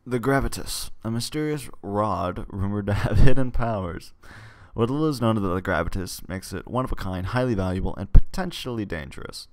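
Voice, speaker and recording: A man's voice: lowish voice, expressive, a little fast. A man reading a text adventure game aloud in a casual way, stumbling and tossing in joking asides.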